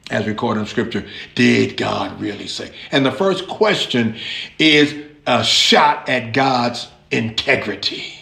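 Animated preacher man, echoey room. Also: medium pitch, slow, gravelly. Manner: animated, conversational, addresses listeners directly. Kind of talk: lively sermon.

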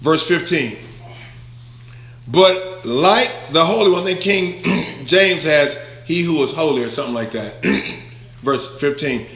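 A man's voice: on the high side, animated, slow pace, fairly bright tone, reverberant. A man preaching a verse-by-verse Bible sermon, emphatic, stretching key words out and putting questions to the congregation. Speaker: pastor.

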